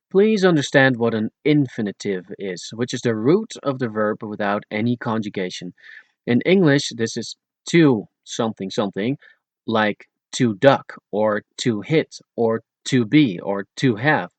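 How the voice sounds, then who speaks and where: A man reads a grammar lesson for an audiobook, explaining each point plainly and slowing down over the example words. His voice sits at an ordinary pitch, and the recording is close and dry. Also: expressive, no echo. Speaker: audiobook narrator teaching Dutch. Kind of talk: read-aloud language lesson.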